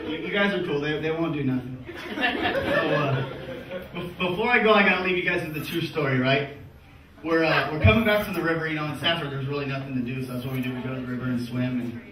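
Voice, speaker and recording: A man in his thirties doing a crude live stand-up set, often laughing through his own punchlines. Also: on the high side. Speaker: stand-up comedian. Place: comedy club stage with audience. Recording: distant, echoey live-room recording with loud audience noise.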